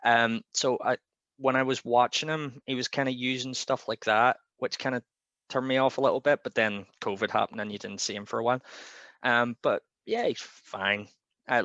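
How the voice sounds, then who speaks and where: A man hosting a podcast in casual wrestling chat, talkative and quick to laugh. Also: medium pitch, pushed and bright, dry recording, highs cut off. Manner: chatty, laughs often, quick asides. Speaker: podcast host.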